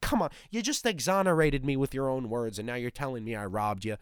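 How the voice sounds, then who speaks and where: A man's voice: mid-range voice, fairly quick, clean tone, dry recording, clean studio sound. A young man ranting in a profane, exasperated monologue as a podcast host.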